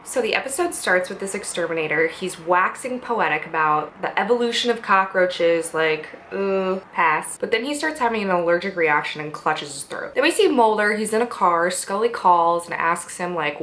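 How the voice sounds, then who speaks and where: A woman's voice: mid-range voice, a bit bright, slight background noise, rough recording. Chatty, sarcastic woman reviewing TV. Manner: chatty, sarcastic, swears a lot. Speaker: TV episode reviewer. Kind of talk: casual chat.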